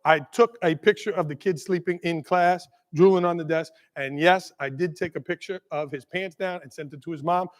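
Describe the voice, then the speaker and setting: A man with a high, bright voice, a school leader giving a keynote, tells a story from the stage, animated and quick to check in with the crowd. A long reverb tail from the big conference hall follows his voice.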